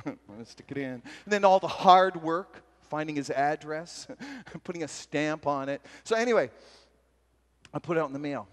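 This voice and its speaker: Animated man telling stories in a reverberant hall. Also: on the high side, normal speed. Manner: animated, laughing, self-deprecating storytelling. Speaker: retreat speaker. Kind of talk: storytelling sermon talk. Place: large hall at a retreat. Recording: long hall reverb from a live talk.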